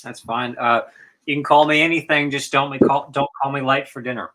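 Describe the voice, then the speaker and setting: A man from North Carolina with a Southern US accent, chatting casually on a stream in a halting way. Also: medium pitch, steady tone, bright, forceful tone, low-quality recording. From North Carolina, USA. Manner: halting, many fillers and restarts, laughs. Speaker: stream guest.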